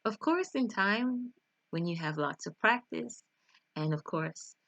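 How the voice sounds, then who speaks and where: A woman's voice: medium pitch, animated, slow, creaky, a bit bright, no echo. A woman teaching English pronunciation in an online video lesson, speaking carefully and exaggerating each sound in drills.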